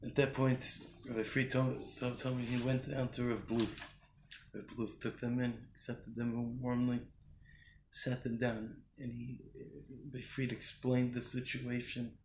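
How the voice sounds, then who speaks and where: A man's voice: mid-range voice, flat delivery, a little slow, roomy sound, slight background noise. A man giving a short weekly Torah talk, telling a story in an earnest way and often restarting his sentences. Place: Jerusalem.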